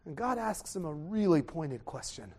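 A man preaching a sermon, animated, swinging from loud exclamations to hushed tones. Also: on the high side, moderate pace.

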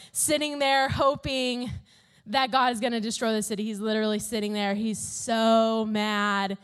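A young woman telling a Bible story to a youth group in a casual, animated way, full of "like" and "literally". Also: sits high. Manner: animated, chatty, fills talk with "like" and "literally".

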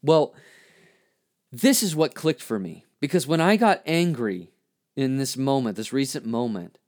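A man talks openly into his podcast mic in a confessional monologue. His speech is halting and full of "uh"s and restarts, and he curses freely. His voice sits at an ordinary middle pitch and turns emphatic as he works through his thoughts. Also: animated, a little mellow. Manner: candid, halting, many fillers and restarts; swears freely, grows heated and emphatic. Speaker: podcast host.

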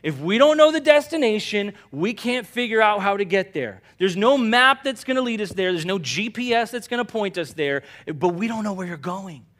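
A man's voice: high-pitched, animated, normal speed, few pauses, a bit bright, pitched above the performer's own voice. Man putting on an anxious, pleading disciple. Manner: pleading, blunt and exasperated. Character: anxious, confused adult male disciple.

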